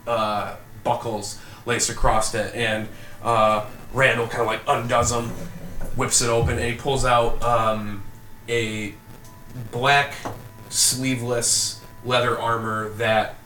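A man's voice: mid-range voice, little pitch movement, slow pace, sharp tone, slight background noise. A man running a tabletop game as game master, narrating casually with many fillers, recorded in a roomy space. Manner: rambling, full of fillers. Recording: roomy echo, distant mic.

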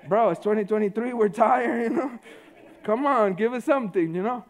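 A man giving a conversational sermon, informal and full of "you know", swinging between loud stretches and hushed ones. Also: sits high, a little fast. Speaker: preacher.

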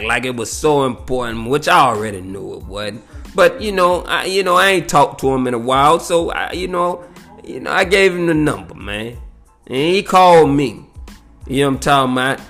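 A man telling a story in a profane, animated rant, peppered with "you know what I'm saying". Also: mid-range voice.

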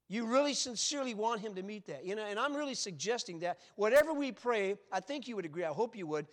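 Earnest older male preacher, high voice. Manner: earnest, questioning, swings between loud emphasis and quiet reflection. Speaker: pastor. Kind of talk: sermon.

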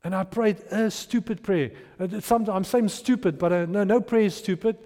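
A man's voice: high voice, normal speed, dark tone, big-room sound. A man preaching a sermon and acting out the people in his stories. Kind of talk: sermon with storytelling.

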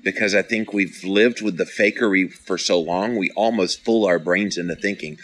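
A man's voice: low-pitched, moderate pace, hardly any pauses, fairly bright tone, a little hiss or hum, low-quality recording. A middle-aged man hosting a podcast, talking casually and earnestly as he encourages listeners and reads out their comments. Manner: earnest, encouraging, playfully dramatic. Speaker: podcast host reading live comments. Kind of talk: casual motivational talk.

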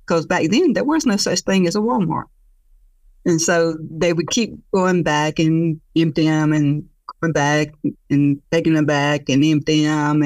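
A woman storyteller telling a traditional tale in an expressive, conversational way, laughing along with it. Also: low-pitched, dry recording, far from the mic.

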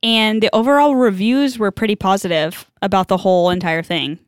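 Woman podcast host, chatty and bubbly; clean, smooth voice, dry booth sound. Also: mid-range voice, fairly even intonation, brisk, no room sound. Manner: bubbly, chatty, many filler likes. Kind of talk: casual chat.

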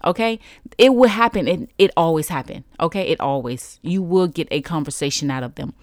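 A woman's voice: sits low, fairly quick, no echo, studio quality. A woman in her thirties hosting a solo podcast, chatting in an encouraging way and talking straight to her listeners. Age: 30s. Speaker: podcast host. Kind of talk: casual solo podcast talk.

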